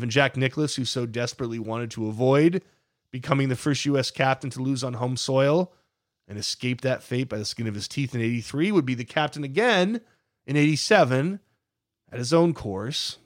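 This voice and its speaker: A man's voice: mid-range voice, animated, normal speed, dry recording, clean studio sound. A man narrating a podcast, telling the story with emphatic, dramatic builds.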